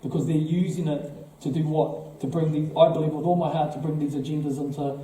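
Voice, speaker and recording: A man's voice: fairly high pitch, level tone, fairly quick, dark tone, distant mic. Emphatic New Zealand man in an echoey hall. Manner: emphatic, rhetorical questions, repeats words. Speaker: political party speaker. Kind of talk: speech to a live audience.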